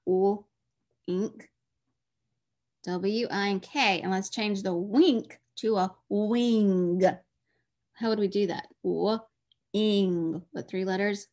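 A woman teaching a phonics lesson to children, slowly and patiently sounding out letters and words. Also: medium pitch, steady tone, darkish tone.

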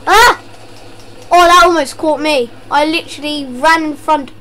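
A woman's voice: high voice, unhurried. A woman with a worn-out voice, casually commenting on a game she is playing, joking and yelping when startled. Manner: jokey, yelps and shouts at scares. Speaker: gameplay commentator. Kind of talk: casual let's-play commentary.

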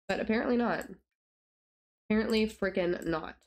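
A woman's voice: medium pitch, moderate pace, darkish tone. A young woman giving casual gameplay commentary, rambling and exasperated, talking to the characters in her game. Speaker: gaming YouTuber.

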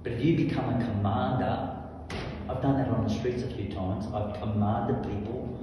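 A man preaching a charismatic sermon, fervent, swinging from soft asides to loud commanding shouts. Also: on the low side, steady tone, normal speed, dull audio, noisy background. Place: large hall with long echo. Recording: echoey hall from far off, faint ambience.

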